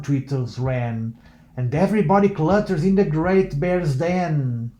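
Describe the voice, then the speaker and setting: A man reads a rhyming picture book aloud at a very slow, sing-song pace. His voice sits a little high but sounds soft and mellow. Each line falls into a gentle rhythm. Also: expressive. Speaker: reader.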